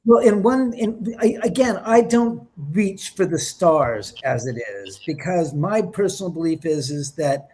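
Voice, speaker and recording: Guy with a kinda high voice telling ghost stories on a podcast, super animated, does the voices. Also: a little slow, hardly any pauses. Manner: lively, acts out quotes with whispers and exclamations. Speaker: paranormal investigator guest. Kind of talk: animated storytelling in an interview.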